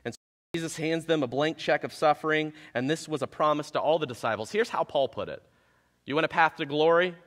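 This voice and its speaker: A pastor delivers a sermon with animated, self-mocking storytelling. His voice sits high and bright. A long reverb from the church hall trails behind each phrase. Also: a little fast. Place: church sanctuary.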